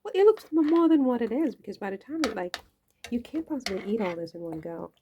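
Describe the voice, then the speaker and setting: A woman's voice: a little high, animated, fast talker, dark tone, a little hiss or hum. A woman chatting casually to the camera while she cooks in her home kitchen, playful and rambling, laughing at her own jokes. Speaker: cooking vlogger. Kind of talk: casual cooking chat to camera.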